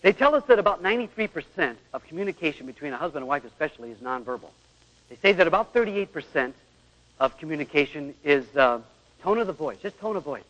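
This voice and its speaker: A man's voice: on the high side, sing-song, fast, a bit bright. A man giving an earnest talk on marriage, asking rhetorical questions and acting out examples. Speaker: speaker on marriage. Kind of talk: lecture with acted-out examples. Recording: dull radio recording with long hall echo.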